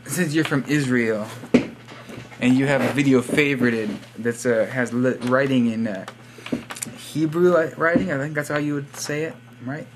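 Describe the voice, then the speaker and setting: With fairly even intonation and a normal speed, a medium-pitched young man vlogs from a room at home over a noisy background. Sitting at his computer, he gives YouTube shoutouts and rambles casually, joking goofily and slipping into put-on accents now and then.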